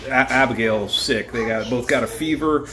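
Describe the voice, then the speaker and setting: A man in his thirties, a family vlogger, telling a long story in a rambling, animated way with lots of fillers. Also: mid-range voice, moderate pace. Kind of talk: casual storytelling vlog.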